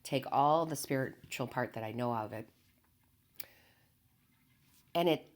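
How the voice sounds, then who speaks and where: A woman tarot reader giving a calm, earnest spiritual motivational talk to her viewers, repeating her key phrases and never hyping things up. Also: very deep voice, unhurried.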